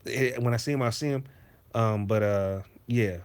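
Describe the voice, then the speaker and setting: A man's voice: mid-range voice, normal speed, clear, resonant tone. A man hosting a casual livestream from his home basement, ranting bluntly and profanely. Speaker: streamer host.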